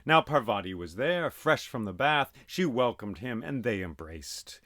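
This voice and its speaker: Man, storyteller, oral myth narration, dramatic, lively intonation, mid pitch. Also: measured pace, no echo, studio quality. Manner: animated, dramatic, sound effects in speech. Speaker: storyteller and podcast host.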